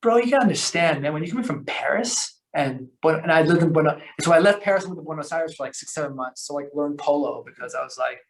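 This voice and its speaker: A man telling long stories as a podcast guest, rambling and animated, with lots of fillers, restarts and slang. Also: on the high side, fast talker, hardly any pauses, slight background noise. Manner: slangy, calls the host bro. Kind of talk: casual storytelling conversation.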